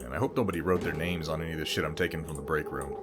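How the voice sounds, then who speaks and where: A man's voice: rumbling low, fairly even intonation, very fast, heavy background noise. A man giving casual, sardonic and profane commentary while playing a video game. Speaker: let's play host.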